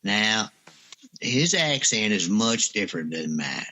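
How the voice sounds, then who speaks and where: Low-voiced Louisiana man, bright tone, rambling comic guest. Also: sing-song, slow pace, dull audio. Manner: rambling, hesitant, mangles names. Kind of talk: comedic radio interview.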